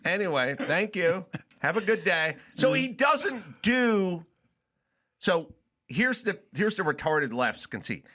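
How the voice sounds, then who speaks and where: A man's voice: high voice, sing-song, slow, pushed and bright. A middle-aged man hosting a podcast, ranting emphatically and profanely, slipping into mimicked voices. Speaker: podcast host. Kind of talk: casual podcast rant.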